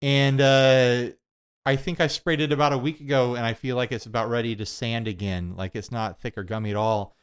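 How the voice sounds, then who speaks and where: Young man, podcast co-host, casual rambling chat, laughs a lot, mid-pitched. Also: fairly even intonation, a little fast, smooth. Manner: laughs often, rambling and self-deprecating.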